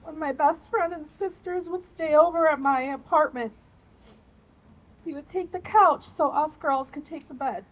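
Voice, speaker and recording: A woman with a high voice speaks at an outdoor rally about her husband. Her delivery is soft, personal and emotional. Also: a little slow, rough recording. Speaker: wife of the detained man.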